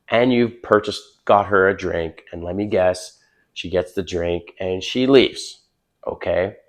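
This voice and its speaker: Raspy older man giving blunt dating advice. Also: fairly low pitch. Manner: blunt, chatty, swears, addresses viewer as bro. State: hoarse after illness. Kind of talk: casual to-camera advice talk.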